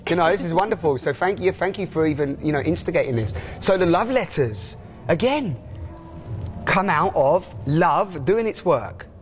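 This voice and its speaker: Male guest, excitable and rambling, slightly high voice. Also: normal speed, slight background noise. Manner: enthusiastic, rambling, many restarts. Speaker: interviewee. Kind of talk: casual chat.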